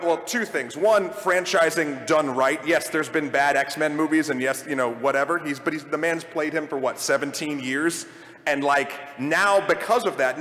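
A man's voice: a little high, fairly bright tone. A man on a live convention panel, eager and rambling, often restarting his sentences as he makes his point. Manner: enthusiastic, rambling with many restarts. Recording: hall reverb from a live stage.

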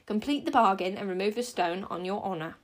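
A woman's voice: brisk, natural voice. A young woman voicing a bitter lake monster. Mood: menacing. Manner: spitting, bitter, low and menacing. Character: hateful many-eyed male lake monster.

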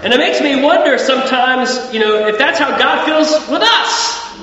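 A man's voice: very high-pitched, animated, moderate pace, bright, forceful tone, a little hiss or hum. A man preaching a conversational sermon as pastor, repeating words and using many fillers. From Australia. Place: church. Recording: echoey hall from far off, dull sound.

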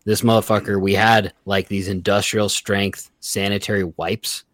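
Man, low voice, dry close sound, casual profane storytelling. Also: flat delivery, normal speed, a bit bright, dry recording. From Reno area, Nevada. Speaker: podcast guest.

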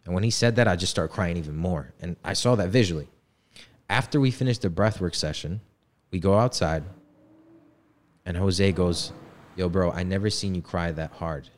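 A man's voice: low voice, normal speed. A man in his twenties telling a personal story in casual, slangy talk. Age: 20s. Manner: laid-back slangy talk. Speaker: podcast guest.

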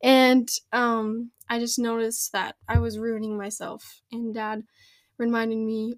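A woman's voice: a little high, level tone, slow pace. A young woman in her teens, a podcast guest, earnestly telling a personal story with frequent giggles. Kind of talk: casual podcast chat.

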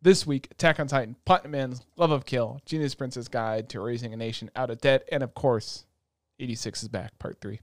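A man hosting an anime podcast in casual chat, excitable and profane, laughing often. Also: medium pitch, brisk, no room sound, clean studio sound. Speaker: podcast host. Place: at home, talking over Discord.

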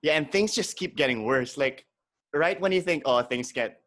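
A man's voice: a little high, moderate pace, fairly bright tone. A man hosting a podcast in a casual, chatty way, laughing often, recording over a webcam call. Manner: laughing, chatty, loose filler words. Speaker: podcast host.

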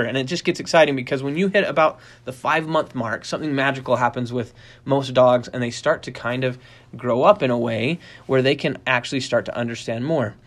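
A middle-aged man giving a casual talk on dog training. He tells stories with energy, often restarts his sentences and uses many fillers. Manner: animated storyteller, acts out quoted voices in a high pitch; rambling with frequent restarts and fillers.

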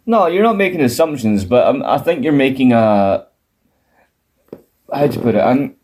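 A man's voice: mid-range voice, lively intonation, normal speed, darkish tone, a little hiss or hum. A man co-hosting a casual chat, wry and a little hesitant, joking as he goes. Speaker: podcast co-host. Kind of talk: casual chat about a sitcom.

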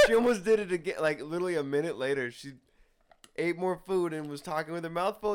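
Young man, podcast host, laid-back, swears a lot, smooth clear voice. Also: on the high side, big pitch swings, a little fast. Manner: laid-back, laughs often, swears freely. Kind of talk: casual podcast chat.

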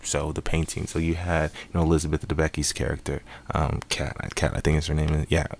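A man's voice: extremely low pitch, little pitch movement, brisk, creaky. A man giving a casual, rambling spoken movie review with many fillers and restarts. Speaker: film reviewer.

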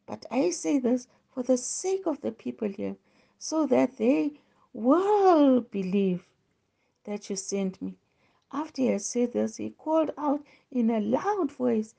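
A woman hosting a devotional, slowly reading Bible passages aloud with small stumbles. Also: on the high side, vocal fry, dark tone. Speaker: devotional host. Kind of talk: slow scripture reading.

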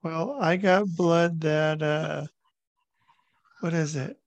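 A podcast co-host speaking casually, mostly chiming in with short, relaxed remarks. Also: mid-range voice, takes it slowly, lo-fi sound. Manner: relaxed, brief interjections.

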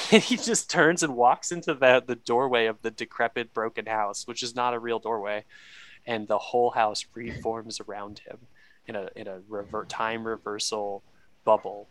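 A man's voice: lowish voice, fairly even intonation, moderate pace, a bit bright, no echo. A man in casual chat, animatedly retelling a movie plot with laughs and acted-out lines.

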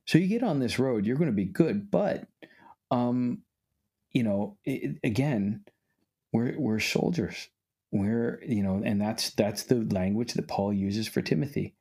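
A man's voice: mid-range voice, unhurried, dark tone, breathy edge. A man preaching in conversation, emphatic, quoting scripture and repeating lines for emphasis.

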